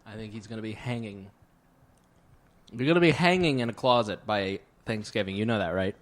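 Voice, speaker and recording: A man joking and teasing in casual podcast banter in a studio, with deadpan quips. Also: on the low side, fairly quick. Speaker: guest co-host.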